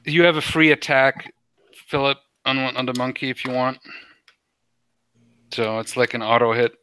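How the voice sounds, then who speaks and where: A man's voice: mid-range voice, normal speed, pushed and bright, clean tone. A young man running a tabletop game in a casual, easygoing way. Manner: casual, easygoing, laughs often. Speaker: game master.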